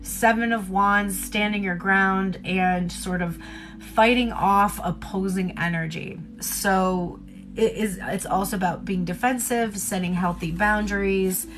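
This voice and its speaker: A woman's voice: mid-range voice, fairly even intonation, a little slow, a bit bright, faint music behind. A woman giving a casual livestream tarot reading, chatty and candid, who laughs often and swears casually. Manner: loose, rambling delivery with many fillers. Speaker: tarot reader.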